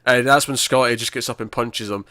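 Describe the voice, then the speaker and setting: A man on a review podcast, talking through an episode with excited, tumbling retellings full of false starts. His voice sits at an ordinary pitch. The sound is close and dry. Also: a little fast, no room sound. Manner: animated, stumbling retelling with many restarts. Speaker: podcast co-host. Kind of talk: casual review chat.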